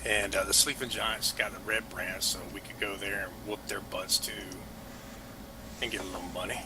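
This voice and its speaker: Low-voiced man with noise behind. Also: steady tone, moderate pace. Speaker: player. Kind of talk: tabletop game chat.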